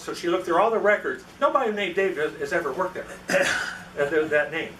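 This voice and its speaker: A man's voice: sits high, moderate pace, a bit bright, a little hiss or hum. A man giving a storytelling talk to a club meeting, acting out the voices of the people in his anecdote. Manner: anecdotal, acts out quoted dialogue. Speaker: guest presenter at a club meeting. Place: meeting room. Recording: echoey room, mic from far off.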